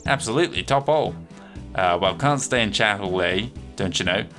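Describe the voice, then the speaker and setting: A man reading out a pompous old English gentleman knight in a posh, jolly voice. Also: on the low side, animated, moderate pace, over music, close to an everyday voice. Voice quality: posh exclamations.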